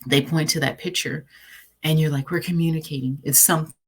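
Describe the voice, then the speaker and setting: A woman's voice: low voice, fairly even intonation, brisk, breathy edge. Earnest encouraging woman coach. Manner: earnest, encouraging, reads affirmations aloud; conversational with repeats and fillers. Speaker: life coach and parent. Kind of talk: recorded encouraging presentation.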